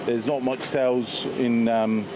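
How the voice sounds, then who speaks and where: Flat-voiced shop owner on a noisy street. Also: male voice, medium pitch, a little slow. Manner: flat, matter-of-fact. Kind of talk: live interview answers. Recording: noisy outdoor street with traffic.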